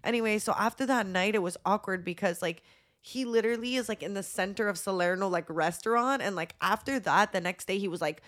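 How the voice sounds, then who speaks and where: A woman's voice: medium pitch, a little fast, a bit bright. A young woman from Montreal telling a rambling story as a podcast co-host in casual chat, full of "like" and swearing. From Montreal, Canada.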